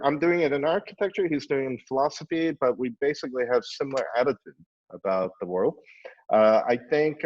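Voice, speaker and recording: A middle-aged man, an architect and teacher, thinking aloud in a panel discussion, full of "uh"s and "you know"s. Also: medium pitch. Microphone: video call. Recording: dull lo-fi online call audio.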